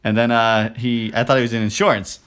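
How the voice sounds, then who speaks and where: A man's voice: mid-range voice, brisk, clear, resonant tone. Rambling podcast co-host man. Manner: rambling storyteller, quotes himself and others in animated bursts. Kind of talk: casual chat.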